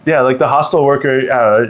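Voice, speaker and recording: A man's voice: mid-range voice, steady tone, normal speed. A young man from Canada hosting a podcast, telling a story in casual chat and acting out quotes in a raised voice. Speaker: podcast host.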